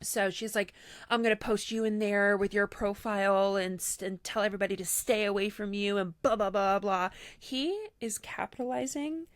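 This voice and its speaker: A woman's voice: mid-range voice, normal speed, no room sound, studio quality. A woman co-hosting a casual podcast, animatedly retelling a story with lots of "like" and quoted dialogue. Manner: animated retelling, heavy use of "like", quoting others in her own voice. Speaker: podcast co-host.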